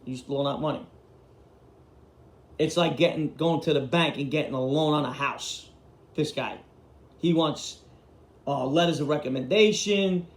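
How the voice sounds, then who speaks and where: A man telling blunt, profane street stories in a casual way. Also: medium pitch. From Queens, New York. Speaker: storyteller host. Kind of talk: casual storytelling. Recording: roomy echo.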